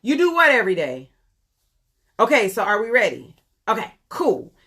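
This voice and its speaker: A woman's voice: a little high, huge pitch swings, moderate pace, pushed and bright, husky. A woman in her forties chatting casually on a live makeup stream, rambling with lots of ums as she answers viewers. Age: 40s. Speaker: beauty vlogger doing a live makeup tutorial. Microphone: phone camera.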